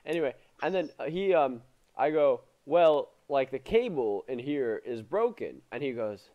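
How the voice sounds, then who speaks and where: Young man, lively rising and falling pitch, podcast co-host, chatty storytelling, headset mic. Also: normal speed, dull audio. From Finland. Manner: animated storyteller, mimics other people's voices. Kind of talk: casual chat. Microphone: gaming headset.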